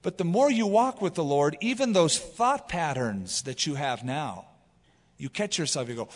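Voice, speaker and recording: A man's voice: sits high, normal speed, long reverb tail. A man preaching a sermon as pastor, telling stories and acting out quotes as he goes. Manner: animated storytelling with acted quotes.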